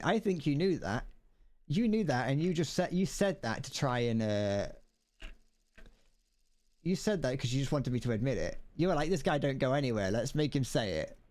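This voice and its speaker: A man's voice: a little high, sing-song, moderate pace, a little mellow. A young British man chatting casually while gaming on a live stream, rambling and self-deprecating, swearing now and then and tripping over restarts.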